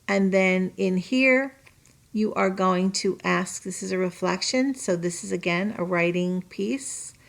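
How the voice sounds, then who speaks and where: A woman's voice: mid-range voice, measured pace, gravelly. A woman teacher talking students through a recorded online lesson. She speaks in a chatty way, uses personal examples, often restarts her sentences and checks in with "right?" and "okay?". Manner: chatty, checks in with tag questions.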